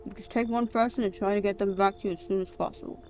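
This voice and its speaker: A woman voicing a calm government scientist who talks in a measured, reassuring way. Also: medium pitch, faint music behind, natural voice.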